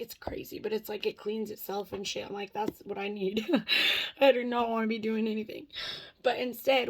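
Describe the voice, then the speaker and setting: Rambling, cursing woman vlogger. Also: mid-range voice. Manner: rambling, profane, says "dude" and "like" a lot. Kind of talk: casual chat.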